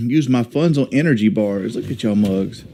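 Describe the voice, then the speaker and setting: A man's voice: medium pitch, unhurried, creaky, slight background noise. Laid-back man streaming a game. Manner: relaxed, talks to his game party while planning moves. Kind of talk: casual gameplay commentary.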